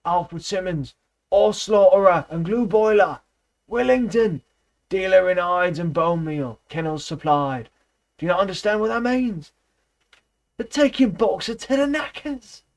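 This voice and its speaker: A man voicing an old, cynical male donkey who shouts shrilly and swears. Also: sits high, expressive, a little slow, pitched above the performer's own voice. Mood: furious.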